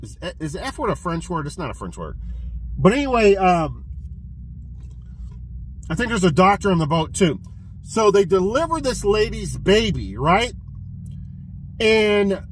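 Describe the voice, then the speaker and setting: Excitable, foul-mouthed man retelling a movie. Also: high voice, breathy edge, rough recording. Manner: excitable, profane storytelling with many restarts. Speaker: physical media collector reviewing films. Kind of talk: casual film review chat.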